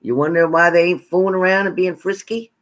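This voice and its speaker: A man's voice: high voice, steady tone, a little fast. A man acting as a psychic card reader, giving blunt zodiac messages in profane, repetitive, bossy tough-love commands.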